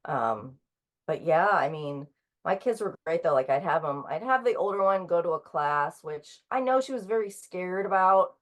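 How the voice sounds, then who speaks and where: A woman in her thirties, a guest author talking casually in an interview, halting with frequent ums and restarts. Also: lowish voice, animated.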